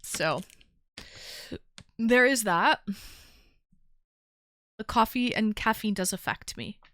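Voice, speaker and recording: A woman hosts a call-in livestream in a loose, chatty way, teasing her callers, and she sounds tired. Her voice is smooth and clear. The sound is close and dry. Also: fairly high pitch, lively intonation, slow pace, fairly bright tone, no echo. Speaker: livestream call-in show host. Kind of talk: casual chat.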